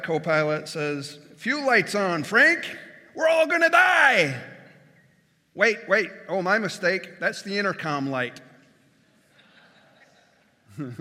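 A man's voice: a little high, bright, forceful tone, long reverb tail. A man preaching a sermon as pastor, conversational and folksy, with jokes and everyday comparisons.

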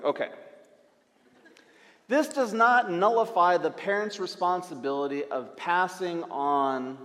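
A man preaching a sermon as pastor in a church, emphatic and repeating phrases in long lists. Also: on the high side. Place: church sanctuary. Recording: long church-hall reverb.

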